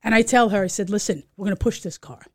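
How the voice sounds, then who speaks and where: A middle-aged woman, co-hosting a podcast and telling a story in casual chat, animated, swearing and acting out voices. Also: medium pitch, fast talker, no room sound, clean studio sound. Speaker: podcast co-host.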